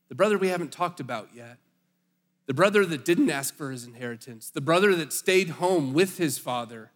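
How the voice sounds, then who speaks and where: A male pastor preaching a sermon, talking in a chatty, storytelling way and often restarting his words. His voice sits a little high. It rings out with a long reverb, as in a big hall. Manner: conversational, animated storytelling with slips and restarts.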